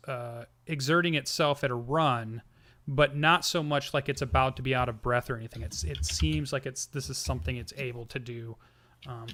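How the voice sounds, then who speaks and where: A man narrating a tabletop game as game master, halting often with ums and restarts. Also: medium pitch, a bit bright.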